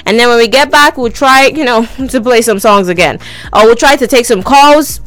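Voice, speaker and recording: A young woman hosting a call-in radio show, talking in a brash, teasing, energetic way. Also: fairly high pitch, moderate pace, no echo. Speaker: radio host. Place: radio studio. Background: faint music.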